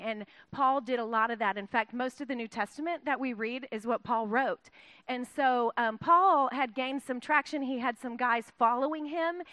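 Bright-voiced woman preaching a casual sermon. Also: a little high, no room sound. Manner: self-deprecating, chatty, laughs often. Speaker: guest speaker filling in at church. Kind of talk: informal sermon with humor.

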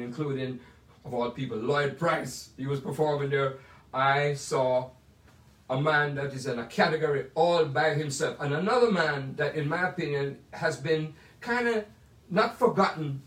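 An older man from Jamaica with a Jamaican accent, telling rambling stories about his life as a jazz pianist, full of digressions and asides. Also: fairly high pitch. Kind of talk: casual storytelling. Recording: roomy sound from a distant mic.

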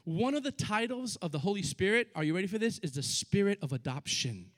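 A middle-aged man preaching a sermon, animated, acting out scripture scenes in casual slang. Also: high voice, a little fast. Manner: animated, acts out biblical dialogue in casual slang.

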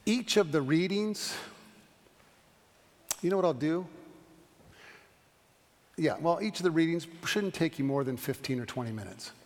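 Man pastor leading a Bible class, brisk and animated, slightly high voice, hall reverb. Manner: fast-talking, animated, stumbles and restarts. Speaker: pastor teaching a Bible study. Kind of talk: Bible study lecture with questions.

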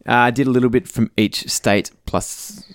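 A man's voice: mid-range voice, unhurried, dry recording, studio quality. A middle-aged Australian man co-hosting a casual podcast, joking and reading out listener messages. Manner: jokey, reads out listener messages. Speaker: podcast co-host. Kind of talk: casual chat.

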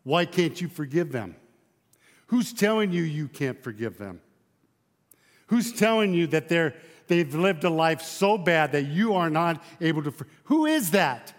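A man's voice: a little high, sing-song, a little slow, long reverb tail. A male pastor preaching a sermon, emphatic, driving his points home with repeated rhetorical questions.

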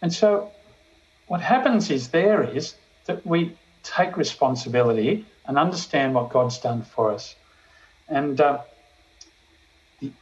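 A man's voice: on the high side, dull audio. Older man telling a testimony. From Australia. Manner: storytelling, animated, slows for emphasis. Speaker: police chaplain. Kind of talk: sermon testimony.

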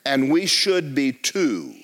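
Animated man preaching a lively sermon. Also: mid-range voice, slow. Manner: animated, joking asides to the congregation. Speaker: pastor. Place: church.

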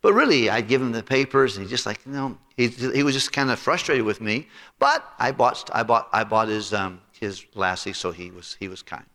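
A male pastor telling a personal story in an animated, conversational sermon. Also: mid-range voice, normal speed. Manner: animated, conversational anecdote with repetitions. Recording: reverberant hall.

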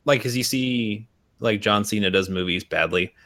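A man's voice: on the low side, moderate pace, a bit bright. Rambling, foul-mouthed man chatting. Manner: rambling, swears a lot, many fillers and restarts. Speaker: podcast co-host. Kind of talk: casual chat.

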